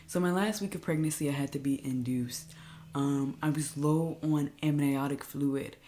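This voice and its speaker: Young woman vlogging, candid and chatty, goes breathy and quiet at tense bits, faint hiss behind. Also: low voice, fairly even intonation, normal speed. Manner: chatty and candid, drops to a near-whisper when reliving stress. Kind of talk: casual personal storytelling to camera.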